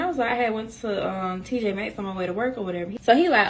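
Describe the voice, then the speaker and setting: A woman's voice: a little high, brisk, slight background noise. A woman telling a personal story in a casual chat to her viewers, talking straight to them and acting out the dialogue as she goes. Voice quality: animated, African American Vernacular English phrasing. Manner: chatty, addresses viewers as y'all, acts out quoted dialogue.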